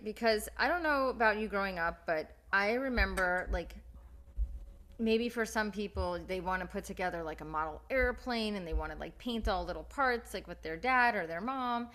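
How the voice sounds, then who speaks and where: A woman's voice: medium pitch, lively intonation, moderate pace. A woman podcast host in casual chat, encouraging and speaking straight to her listeners, with plenty of "like" along the way. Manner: warm-hearted and encouraging, talks straight to listeners.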